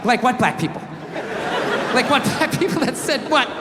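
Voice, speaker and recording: A woman's voice: sits high, expressive, moderate pace, long reverb tail, a crowd in the background, background noise. A man playing his exasperated wife, an adult woman who keeps pressing him with questions. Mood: insistent. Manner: insistent, questioning.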